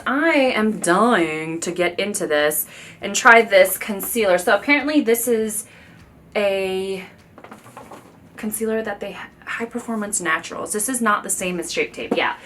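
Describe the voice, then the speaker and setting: Brief: bright-voiced woman in her 30s, beauty vlogger, chatty and gushing, talking straight to camera mic at home. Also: mid-range voice, slight background noise. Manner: gushing, confiding, talks straight to viewers. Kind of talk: chatty get-ready-with-me talk. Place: at home doing makeup in front of a camera.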